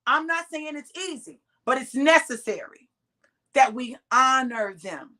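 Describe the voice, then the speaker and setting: A woman's voice: high voice, animated, a little slow, pushed and bright. A middle-aged woman preaching straight to her listeners, emphatic and direct, drawing out the words she stresses. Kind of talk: sermon-style exhortation.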